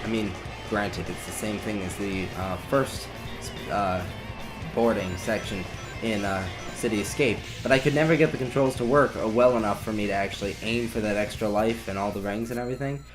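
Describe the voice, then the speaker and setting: A young man talks his way through a video game run, tossing off wry, sarcastic remarks as he plays. His voice sits on the low side. Game music plays clearly under him the whole time. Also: moderate pace. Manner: rambling, wry, sarcastic asides. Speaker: let's play commentator. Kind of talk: casual gameplay commentary. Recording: game music playing behind.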